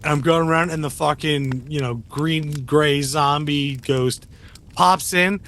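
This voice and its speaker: A man co-hosting a podcast, telling stories in an animated, casual way with lots of fillers and swearing. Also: a little high, unhurried. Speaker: podcast co-host. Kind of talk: casual chat.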